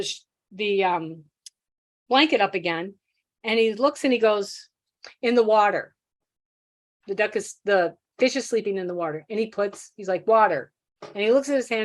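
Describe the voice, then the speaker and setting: Animated woman telling a classroom story. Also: fairly high pitch. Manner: animated storytelling, acts out quotes. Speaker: teacher of deaf children. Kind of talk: workshop presentation with storytelling.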